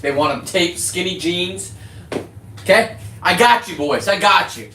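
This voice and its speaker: Brash middle-aged male streamer, swearing and rambling, voice pitched a bit high, recorded in a reverberant space. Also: unhurried, bright, forceful tone, a little hiss or hum. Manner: profane, boisterous, jumps between topics. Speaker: livestreaming content creator. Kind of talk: rambling casual livestream.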